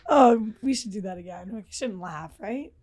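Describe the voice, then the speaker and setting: A woman's voice: medium pitch, lively intonation, moderate pace, darkish tone. A young woman co-hosting a podcast in casual chat, teasing and giggly. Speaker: podcast co-host.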